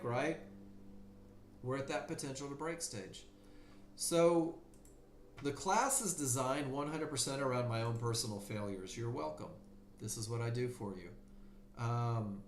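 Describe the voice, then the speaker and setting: A man's voice: medium pitch, echoey room, slight background noise. A man teaching a live trading webinar, telling his own story candidly and acting out voices in his head. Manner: candid, animated storytelling with mock inner voices. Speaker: trading class instructor. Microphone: computer mic in a live stream.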